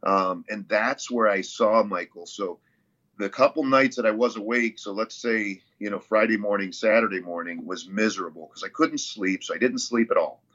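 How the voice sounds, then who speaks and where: Casual male guest, bright forceful tone, rambling storyteller, muffled lo-fi audio. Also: fairly low pitch, moderate pace. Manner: rambling, many fillers and restarts. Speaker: interview guest, CrossFit athlete.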